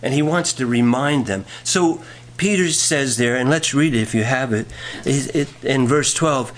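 A man's voice: medium pitch, moderate pace, few pauses. A male pastor preaching a sermon in a folksy way, telling jokes and reading scripture aloud.

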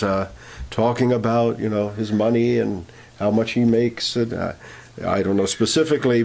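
A man's voice: medium pitch, a little mellow. A man preaching a sermon, telling a story with many fillers and restarts, then rising to emphatic points.

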